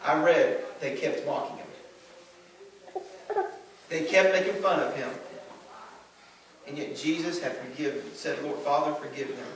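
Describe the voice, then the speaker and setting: A man preaching a sermon in a Southern American accent, his voice sitting fairly high. He swings from loud, driving emphasis down to hushed, quiet asides. He is picked up from some distance in a church with a strong, booming echo. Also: takes it slowly, long pauses. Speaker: pastor. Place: church sanctuary. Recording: echoey church from far off.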